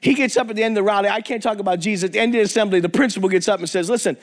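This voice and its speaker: Male preacher, high voice, animated storyteller sermon to a men's group. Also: rapid-fire. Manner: animated, acts out quoted voices, jokey asides. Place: church or men's meeting hall.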